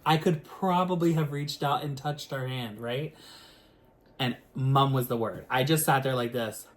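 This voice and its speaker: A man, a singer, telling a story to the camera in a casual, animated way, full of filler words and the odd swear word. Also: medium pitch, unhurried.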